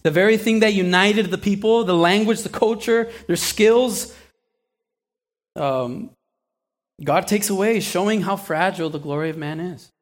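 Unhurried and high-pitched, a man preaches a sermon that sounds like a conversation. He turns questions on his listeners, acts out brief asides, and often restarts or repeats words.

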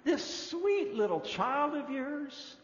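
A man preaching a sermon in an animated way, his delivery moving between loud and hushed. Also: very high voice, slow. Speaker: pastor. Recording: dull echoey hall recording.

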